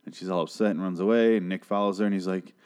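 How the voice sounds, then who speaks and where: A young man with a slightly low voice rambles through a casual recap of a TV episode. He is sarcastic, swears freely and keeps slipping into quick mock voices for the characters. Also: fairly even intonation, darkish tone, clean tone.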